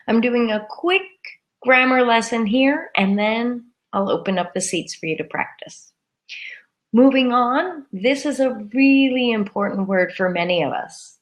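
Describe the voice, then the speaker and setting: A woman teaching a live English lesson, saying words slowly and carefully and repeating them for learners. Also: on the high side. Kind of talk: live-streamed grammar lesson.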